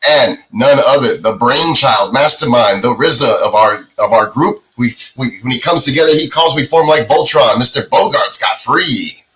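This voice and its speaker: A man's voice: mid-range voice, moderate pace, bright, forceful tone, poor audio. A man hosting a fantasy football watch-party podcast, giving casual play-by-play with lots of fillers. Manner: laid-back, filler-heavy play-by-play. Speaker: podcast host. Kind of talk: casual live game commentary.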